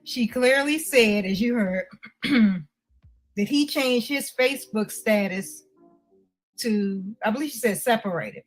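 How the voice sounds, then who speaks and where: Woman host, casual livestream commentary, slightly high voice, loose and chatty. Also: slow pace, soft background music, poor audio. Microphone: headset with earpiece.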